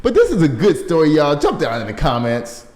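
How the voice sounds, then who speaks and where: Man, casual news show host, animated, laughing, slightly high voice. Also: fairly quick, background noise. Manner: animated, laughing, riffs on stories. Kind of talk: casual chat reading news stories.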